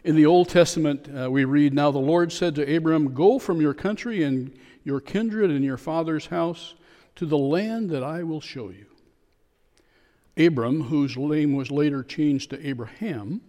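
A man preaching a sermon as a pastor, telling a story with a joke in a calm, measured way. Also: a little high. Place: church sanctuary. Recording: long church reverb.

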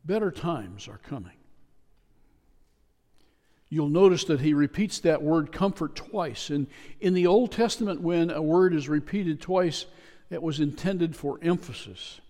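A man preaching a sermon in a church, speaking in a measured, repetitive way with emphatic pauses. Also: fairly high pitch, mellow. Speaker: pastor. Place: church sanctuary. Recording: long reverb of a church hall.

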